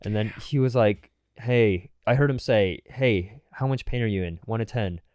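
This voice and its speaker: A man's voice: lowish voice, moderate pace, a little mellow, no echo. A young man co-hosting a podcast, rambling through a casual anecdote full of fillers and acted-out quotes. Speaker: podcast co-host. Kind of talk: casual storytelling chat.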